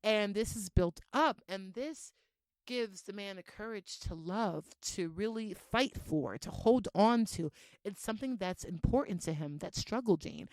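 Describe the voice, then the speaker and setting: A woman's voice: mid-range voice, a little slow, no echo. A young woman hosting a podcast in a casual solo monologue, brash and heavy on swearing. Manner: brash, profane and animated, with laughs. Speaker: podcast host.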